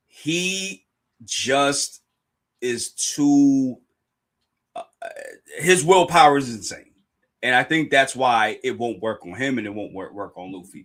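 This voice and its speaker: A man hosting a live reaction stream, excitable and slangy, often repeating his phrases. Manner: reads dialogue aloud in a dramatic low voice.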